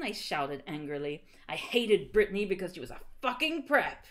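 A woman's voice: lowish voice, sing-song, normal speed, a bit bright. A woman streamer reading fan fiction aloud on a livestream, giggling, reading melodramatically and tripping over misspelled words. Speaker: streamer host.

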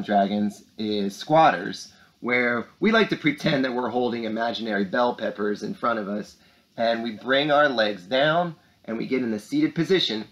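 A man's voice: mid-range voice, a bit bright. A man hosting upbeat morning announcements for schoolchildren, reading letters and leading exercises. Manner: upbeat, speaks to kids with rising emphasis. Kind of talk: lively morning announcements for children.

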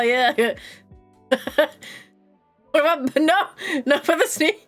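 Giggly high-voiced woman streamer, slow and lively. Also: faint music behind. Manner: giggly, laughs constantly, chatty. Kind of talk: casual live-stream chat while gaming.

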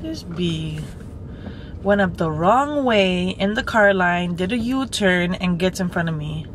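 A woman's voice: lowish voice, lively intonation, measured pace. A young woman vlogging from her car, chatting casually and rambling, swearing freely and saying "like" a lot. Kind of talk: casual day-in-my-life chat. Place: in a car, driving. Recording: road noise from a moving car.

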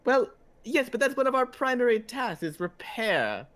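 A tall, spindly clockwork soldier, earnest and zealous but lost without orders, voiced by a man. The voice leaps all over its range, dropping low and solemn, then jumping high. It stammers and restarts as it works out simple questions. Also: moderate pace, exaggerated voice. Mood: puzzled. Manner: stammering, naive, swings between solemn and excitable.

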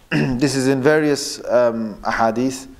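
A man teaching a religious lesson who quotes Arabic passages and then explains them in English, pausing often and correcting himself as he goes. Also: medium pitch. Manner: pauses often, with fillers and self-corrections. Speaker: Islamic teacher. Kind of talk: lecture on religious texts.

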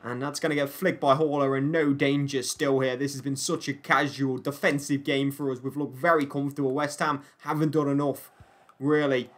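A man's voice: medium pitch, level tone, moderate pace. A young man playing a football video game, commentating on the match in a mock broadcast style with joking asides and bursts of frustration. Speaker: gaming YouTuber.

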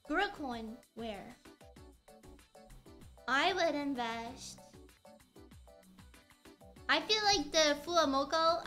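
A young woman chats in a loose, playful ramble as she works on a craft during a live stream. Her voice sits high and comes across bright and clear. Soft music plays faintly behind her. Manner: rambling, playful, chatty with restarts. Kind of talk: casual chat while crafting on stream.

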